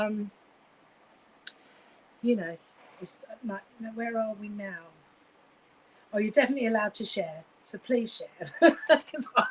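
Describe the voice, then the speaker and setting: A woman's voice: mid-range voice, low-quality recording. Woman, live medium reading, gushing, um-filled, faint hiss behind. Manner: gushing, effusive, many fillers and restarts. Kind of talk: live-streamed psychic reading.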